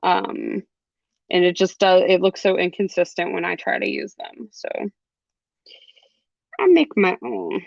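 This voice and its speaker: Chatty young woman instructor, gravelly fry, dry close audio. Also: mid-range voice, unhurried, long pauses, no room sound, muffled recording. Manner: chatty, laughs often, lots of ums. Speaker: jewelry class instructor. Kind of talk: live online craft class.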